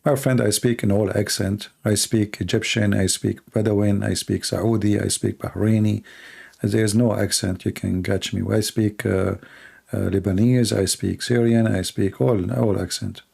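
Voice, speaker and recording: A man's voice: fairly low pitch, steady tone, moderate pace, creaky, a little mellow, husky. A man answering viewer questions in a casual monologue, blunt and opinionated, often repeating words as he goes.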